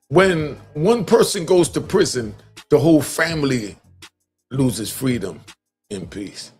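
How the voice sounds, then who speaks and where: A middle-aged man hosting a live stream, giving street-wisdom commentary in a preachy way and repeating key lines for emphasis. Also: fairly high pitch.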